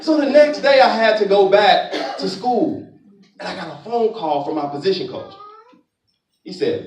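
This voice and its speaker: A man's voice: sits high, moderate pace, a little mellow, far from the mic. A young man giving a live motivational talk on stage in a large conference auditorium, calling out to the audience like a preacher. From Florida, US. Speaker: motivational speaker. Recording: echoey hall, speaker off-mic.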